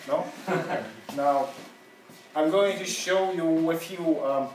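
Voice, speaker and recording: Man, native Russian speaker, higher voice, roomy classroom, off-mic. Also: a crowd in the background. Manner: casual, halting, laughs often. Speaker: seminar teacher. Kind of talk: classroom seminar talk. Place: university classroom. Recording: echoey room from a distance.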